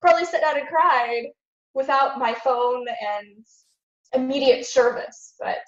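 A woman with a high voice appears as a podcast guest, speaking unhurriedly and earnestly in a casual interview while acting out her own thoughts. She sounds a little sick, and the audio is dull with an echoey room.

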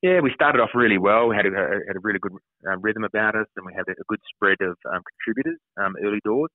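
Low-voiced man on a tinny phone line. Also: fast, no echo. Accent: Australian. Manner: hesitant, many fillers and restarts. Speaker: football club CEO guest. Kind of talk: phone interview answers. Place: phone call.

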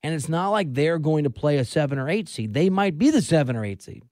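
A man in his forties hosts a sports talk radio show, riffing in a casual, opinionated monologue. His pitch swings up and down with animation. The studio mic sounds dry and close. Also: animated, a little fast, a little mellow, no echo. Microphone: studio microphone.

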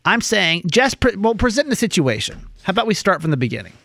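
A woman's voice: mid-range voice, sing-song, fast talker, fairly bright tone, dry recording, clean studio sound. A woman co-hosting a radio show, teasing and skeptically questioning her colleague. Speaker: radio co-host. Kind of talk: casual radio show chat. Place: radio studio.

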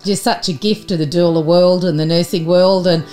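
A woman's voice: fairly low pitch, steady tone, normal speed, warm tone, soft background music. A woman with an Australian accent hosting a podcast interview, affirming and chatty. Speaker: podcast host.

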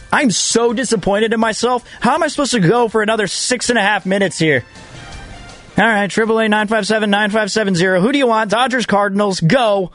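A man hosting a solo sports talk radio show, excitable and self-mocking, often repeating himself. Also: a little high.

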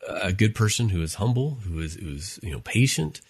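Middle aged guy, lowish voice, casual marriage podcast chat, earnest, lots of ums. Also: expressive, fairly quick, breathy edge. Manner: earnest, warm storyteller with many fillers. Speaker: co-host, marriage therapist.

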